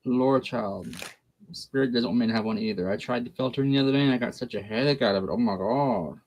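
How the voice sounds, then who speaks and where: A man's voice: mid-range voice, quick pace, a little mellow. A man giving a tarot reading on a livestream in a blunt, folksy way. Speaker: tarot reader.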